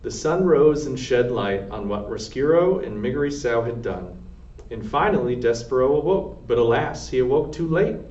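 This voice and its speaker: A man reads a children's novel aloud in a steady, plain voice of middle pitch. The sound is roomy and echoing, picked up from some distance. The recording is dull and lo-fi. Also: moderate pace. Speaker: storybook reader, air force sergeant.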